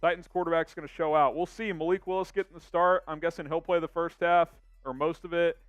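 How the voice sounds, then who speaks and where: Upbeat young male stream host, slightly high voice, smooth and clean, close dry mic. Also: steady tone, a little fast, dry recording, soft background music. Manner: upbeat, reads viewer comments aloud. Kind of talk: casual live-stream chat.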